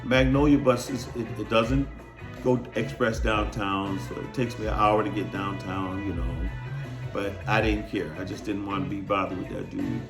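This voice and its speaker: A man casually telling a personal story, acting out scenes with lively sound effects. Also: on the low side, normal speed, reverberant, over music. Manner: animated, acts out scenes.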